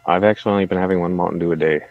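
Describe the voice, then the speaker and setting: Very deep, flat-voiced man, lo-fi. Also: rapid-fire, no room sound. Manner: laid-back, rambling with fillers. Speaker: livestream co-host. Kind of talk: casual chat about fish tanks.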